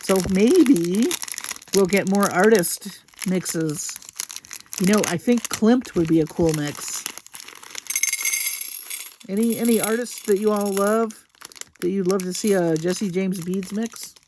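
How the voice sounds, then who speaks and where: A woman hosting a crafting video, gushing slowly and admiringly over beads with soft exclamations as she unboxes them. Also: medium pitch, slight background noise. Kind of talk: unboxing commentary.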